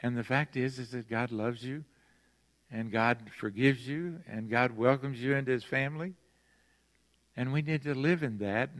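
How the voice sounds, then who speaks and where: Speaking at a normal middle pitch with a rather bright tone, an older man delivers an earnest, emphatic sermon, slowing his phrases to lean on important words. He is a pastor addressing a congregation, and the long reverb of a big sanctuary surrounds his voice.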